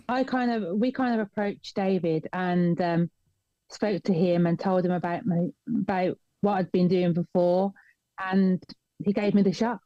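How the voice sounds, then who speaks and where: A woman's voice: lowish voice, steady tone, measured pace, no echo, highs cut off. Hesitant British woman on a video call. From United Kingdom. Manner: brief, hesitant answers with fillers. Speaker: guest fighter. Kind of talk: interview over a video call.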